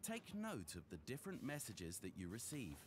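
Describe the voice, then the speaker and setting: A man's voice: medium pitch, wildly swooping pitch, normal speed, heavy background noise. A man with a British accent and a nasal voice, reading scripted narration for a racing game. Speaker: game announcer voice-over. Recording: game audio under loud music.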